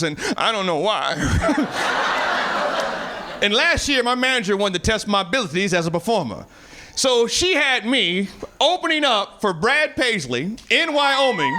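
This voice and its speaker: Animated male stand-up comic, lively pitch. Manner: animated storytelling with acted-out dialogue. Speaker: stand-up comedian. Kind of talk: stand-up comedy set. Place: comedy club stage. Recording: loud audience noise behind. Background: audience laughter.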